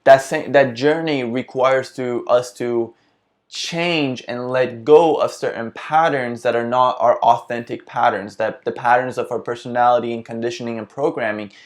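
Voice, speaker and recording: A man's voice: medium pitch, fairly even intonation, moderate pace. A man hosting a casual self-help vlog, talking earnestly and reflectively, often restarting his sentences as he thinks aloud. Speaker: vlog host.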